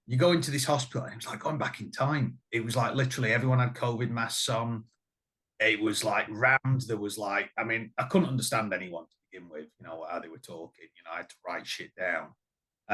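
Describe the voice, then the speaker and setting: A middle-aged man, a musician chatting casually and telling animated, swearing stories full of acted-out voices. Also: on the low side. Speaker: band musician, guest. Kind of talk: casual chat.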